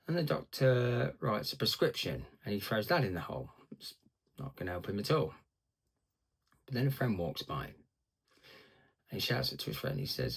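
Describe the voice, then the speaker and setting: A man's voice: medium pitch, very animated, brisk, creaky, breathy edge, poor audio. A man speaking earnestly in a personal video diary about living with cancer, rambling a little with hesitant fillers.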